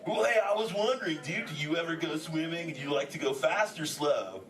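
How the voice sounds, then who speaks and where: A slow-drawling surfer-dude sea turtle, laid-back and goofy, tossing "dude" into every line in a live park show. His voice sits a bit high, and the sound is roomy and distant, caught from the seats of an echoey theater with a noisy crowd around. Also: expressive. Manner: surfer slang, says "dude" constantly. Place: indoor theater with audience. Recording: echoey theater taped from the audience, crowd noise.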